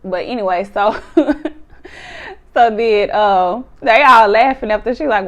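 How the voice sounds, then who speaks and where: A woman, recapping a reality show in casual chat, animated, laughing often and acting out cast members' lines. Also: medium pitch, normal speed, lo-fi sound.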